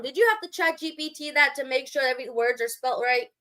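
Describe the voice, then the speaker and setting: A woman's voice: high voice, a little fast, hardly any pauses, fairly bright tone. A woman live-streaming, talking back to her chat in a sarcastic, mocking and scolding way. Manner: scolding, lecturing.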